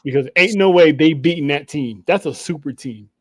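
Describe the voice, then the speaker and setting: A man's voice: on the high side, normal speed, a little hiss or hum. A man co-hosting a podcast, recapping wrestling in casual chat and acting out what people said. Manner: animated storytelling, acts out quotes, laughs often. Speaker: podcast co-host.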